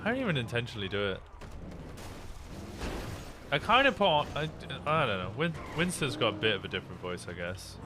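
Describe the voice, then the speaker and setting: A man's voice: mid-range voice, big pitch swings, fairly quick, long pauses, noisy background. A man streaming a game roleplay as a police officer, upbeat and chatty, often repeating himself as he talks to players and viewers.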